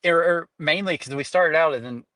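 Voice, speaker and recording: A man's voice: on the high side, fairly quick, fairly bright tone, no room sound. A young Southern American man on a casual podcast, musing aloud and firing off questions. He talks loosely and restarts his thoughts, heard dry and close to the mic. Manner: curious, asks questions, trails off and restarts. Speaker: podcast co-host.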